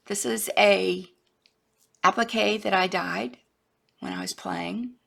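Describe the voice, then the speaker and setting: A woman's voice: mid-range voice, takes it slowly, vocal fry, pauses often, fairly bright tone. A woman, chatting casually and rambling as she shows her craft supplies. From Florida, USA. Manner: chatty, rambling, trails off and restarts, drops to a whisper at times. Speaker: craft vlogger. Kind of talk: casual show-and-tell.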